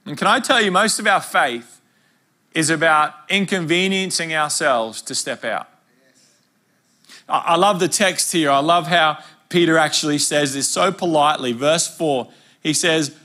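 Bright-voiced Australian man preaching. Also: fairly high pitch, normal speed. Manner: conversational, humorous storytelling preaching. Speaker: pastor. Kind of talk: sermon.

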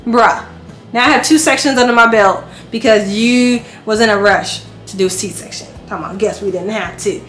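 A woman in her thirties telling a personal story in casual vlog style, lively and acting out the voices of others. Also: medium pitch, fairly quick, few pauses, soft background music. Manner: animated, acts out quoted voices. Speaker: vlogger. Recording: echoey room with faint noise.

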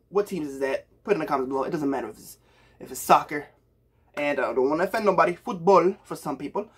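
A young Puerto Rican man reacts to a song for his viewers, hyped, slangy and casual, calling them bro. He is a music reaction YouTuber with a slightly high, slightly rough voice.

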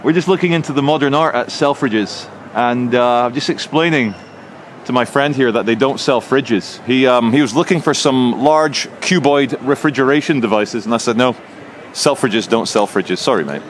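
A man's voice: medium pitch, normal speed. A man filming a casual walking vlog outdoors, making dry sarcastic asides on a handheld camera. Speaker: vlogger. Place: outdoors on city streets. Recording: outdoor street noise. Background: street traffic noise.

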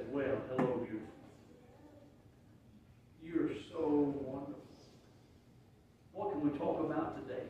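The recording comes from a church sanctuary: very echoey, mic far away, highs cut off, slight background noise. A man with a higher-pitched voice preaches as pastor, heartfelt and emotional, repeatedly restarting his sentences.

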